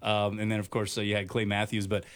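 A man from Hawaii hosts a relaxed sports talk show. He speaks in a halting, stop-start way, leaning on lots of fillers. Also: fairly low pitch. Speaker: radio show host.

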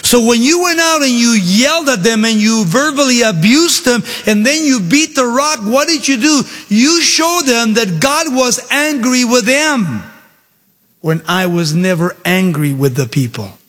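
A man's voice: extremely high pitch, lively intonation, unhurried, fairly bright tone, pitched above the performer's own voice, heavily acted. A man voicing God as a patient, firm male deity who corrects his servant with fatherly, reproving questions, in a hall with a long reverb. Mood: earnest.

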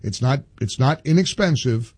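An older man hosts a talk radio show with a mellow, slightly husky voice. He talks emphatically, doubling back on his words as he builds. The sound is close and dry. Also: medium pitch, moderate pace, dry recording. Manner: animated, emphatic, repeats himself.

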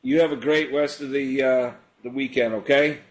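A man's voice: medium pitch, moderate pace. A man hosting a live call-in radio ministry, praying for callers and talking casually with plenty of fillers. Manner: prays and preaches in a relaxed, conversational way with frequent fillers. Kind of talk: live call-in prayer show.

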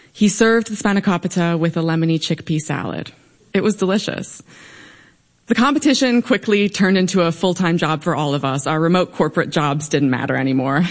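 A young woman recounts a personal story before a live audience. Her tone is wry and humorous, and her voice sits a little on the low side. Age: young adult.

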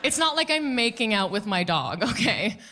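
A woman performing a stand-up comedy set before a live audience, quick and playful, mocking the people she quotes. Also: fairly high pitch, sing-song, sharp tone, a little hiss or hum.

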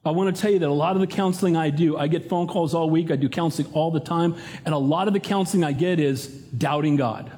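A man's voice: a little high, fairly quick, warm tone. A pastor in his fifties or older preaching a sermon, earnest and emphatic, rising to urgent appeals.

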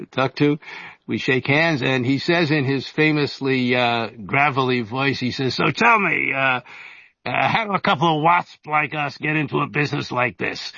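A man in his seventies, an author and journalist giving an interview, telling stories in a halting way full of fillers and restarts. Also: mid-range voice, a bit bright, no room sound, muffled recording. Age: 70s. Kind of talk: casual storytelling interview.

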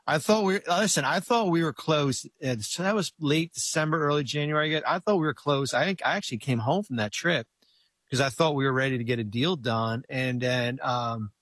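A man's voice: medium pitch, normal speed, a bit bright, no echo. A middle-aged man telling a long story in casual chat as a guest, rambling with many restarts and fillers.

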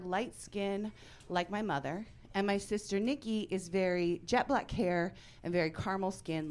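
A woman in her forties performing a stand-up comedy set, with a dry deadpan delivery that breaks into loud bursts of mock outrage. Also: medium pitch, smooth. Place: comedy club stage before a live audience.

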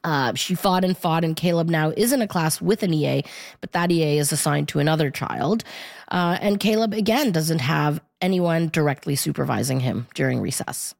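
A woman reporter telling a radio host about the families she interviewed, in a measured, informative way. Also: sits low, vocal fry, a little mellow, dry recording, studio quality.

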